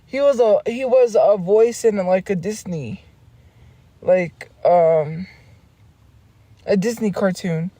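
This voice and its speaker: A woman's voice: medium pitch, slow, pauses often, warm tone, dry recording. A woman streamer in casual livestream chat, rambling along with frequent laughs and restarts.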